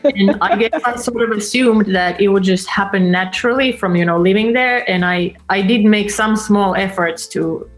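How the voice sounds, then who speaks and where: Halting woman chatting. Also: mid-range voice, faint music behind. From Finland. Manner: halting, many fillers and restarts. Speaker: co-host. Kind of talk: casual chat.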